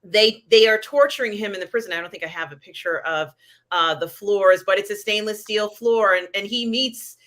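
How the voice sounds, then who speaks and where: Giggly, rambling woman host on a casual livestream, bright voice. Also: mid-range voice, moderate pace. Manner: rambling, many fillers, giggly. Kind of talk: casual live-stream pop culture chat.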